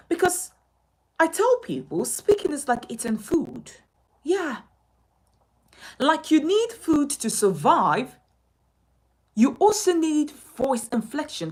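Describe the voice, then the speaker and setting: Woman speech coach, emphatic, higher voice with lively swings. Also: slow, husky, low-quality recording. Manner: emphatic, sweeping rises and falls in pitch. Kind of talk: spoken lesson to camera.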